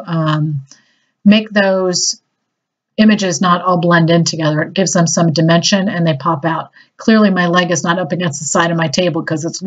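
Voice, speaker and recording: A woman chatting enthusiastically through a casual craft tutorial, a little self-deprecating. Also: on the low side. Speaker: crafting demonstrator. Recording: slightly dull lo-fi audio.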